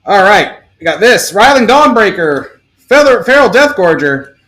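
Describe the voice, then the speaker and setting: Excitable man rattling off card names. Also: high-pitched, poor audio. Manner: rapid-fire listing with excited outbursts and cursing. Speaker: live stream card seller. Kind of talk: casual live stream pack opening.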